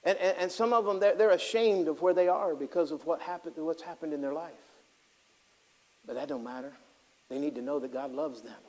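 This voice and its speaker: A male pastor preaches with a fairly high voice, climbing into loud, fervent stretches and then dropping into hushed, tender asides. He acts out the voices of the people in his stories as he goes. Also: brisk. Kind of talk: sermon.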